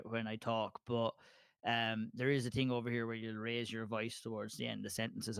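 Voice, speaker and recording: A man's voice: medium pitch, clean tone, no echo. A man with a thick Southern Kilkenny Irish accent, a guest chatting casually on a podcast over a call from home, rambling with lots of fillers and restarts. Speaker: podcast guest, MMA analyst. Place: at home, dinner party upstairs.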